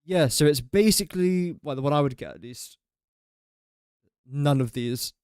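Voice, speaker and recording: Rambling young man, slightly high voice. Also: moderate pace, darkish tone, smooth, no echo, clean studio sound. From England. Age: young adult. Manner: rambling, chatty and self-mocking while building. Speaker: streamer. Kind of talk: casual gaming livestream chat.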